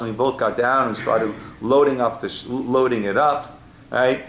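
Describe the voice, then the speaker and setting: A man's voice: medium pitch, fairly even intonation, normal speed, a bit bright, a little hiss or hum. A man teaching an informal class as a rabbi, telling stories and checking in with "right?" asides. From United States. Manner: storytelling, frequent "right?" asides. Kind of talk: informal Torah class talk. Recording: echoey room with faint ambience.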